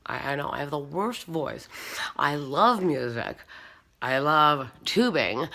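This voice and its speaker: A woman who was once a stand-up comedian, speaking in a casual, rambling, soft-spoken, self-deprecating monologue. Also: rumbling low, takes it slowly, creaky.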